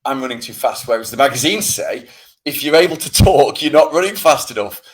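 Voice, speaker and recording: A man's voice: medium pitch, fairly quick. A man with a British accent co-hosting a podcast, ranting in a casual, self-mocking way. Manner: animated, swearing, self-mocking rant. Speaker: podcast co-host.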